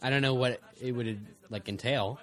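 A man's voice: medium pitch, steady tone, soft background music. Playful young male college radio host. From United States. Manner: playful, teasing, halting with many fillers. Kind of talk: casual radio banter.

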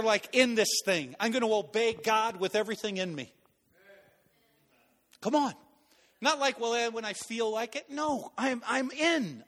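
A man preaches in a large hall, his high, bright voice ringing with a long echo. He tells stories in a lively way, acting out other people's voices as he goes. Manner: animated, acts out voices and laughs at own stories. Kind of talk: sermon with storytelling.

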